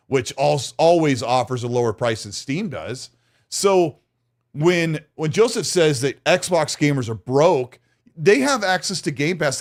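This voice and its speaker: A man co-hosting a gaming podcast in casual chat, lively, with stammering restarts and quick laughs. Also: medium pitch. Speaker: podcast co-host.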